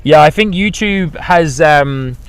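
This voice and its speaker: A man's voice: fairly high pitch, expressive, takes it slowly, clear, resonant tone. A young man hosting a live stream, chatting casually and rambling with lots of fillers, outdoors at an airport. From New Zealand. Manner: rambling, hesitant, friendly chatter with many fillers. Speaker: livestream host.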